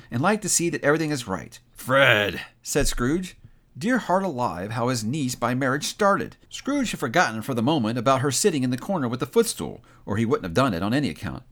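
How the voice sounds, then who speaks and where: A man narrating a classic story aloud with expressive, animated delivery. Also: mid-range voice.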